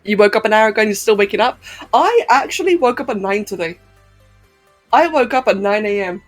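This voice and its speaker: A woman's voice: medium pitch, expressive, a little fast, faint music behind. A woman chatting casually on a live stream, hyper and giggly, answering chat messages as she goes.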